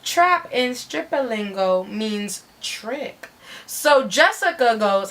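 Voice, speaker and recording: Woman, fairly high voice, brash, profane slang, dramatic story reading. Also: lively intonation, takes it slowly, fairly bright tone.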